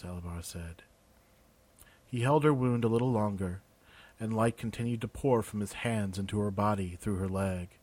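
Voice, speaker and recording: A man narrating a fantasy story in an even, measured way. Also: fairly low pitch. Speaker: audiobook narrator.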